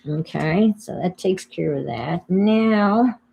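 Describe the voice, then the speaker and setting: A woman's voice: fairly low pitch, expressive, slow pace, vocal fry, noisy background. An older woman with a New York accent, chatting casually to viewers on her crafting livestream while she works. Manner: chatty, thinks aloud while working, greets viewers.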